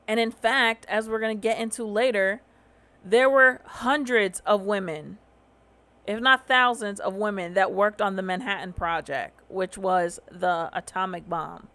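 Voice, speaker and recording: A woman's voice: medium pitch, a bit bright. Tired, outspoken Southern-accented woman. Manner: opinionated, swearing, rhetorical questions. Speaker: host. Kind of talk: casual commentary.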